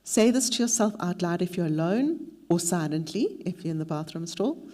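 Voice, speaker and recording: A middle-aged woman guides a group through practical steps, then slips into a frank, animated personal story. Her voice sits at an ordinary middle pitch, and she talks candidly and pokes fun at herself. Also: normal speed. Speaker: mentor leading a workshop. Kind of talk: workshop talk with personal anecdote.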